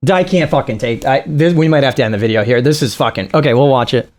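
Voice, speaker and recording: A man's voice: medium pitch, fast talker. A man giving casual, crude, mocking reaction commentary with frequent laughing asides.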